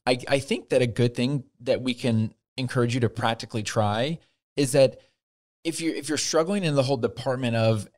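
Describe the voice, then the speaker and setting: A man's voice: mid-range voice, brisk. A young man co-hosting a casual podcast chat, earnest and chatty, laughing easily. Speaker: podcast co-host.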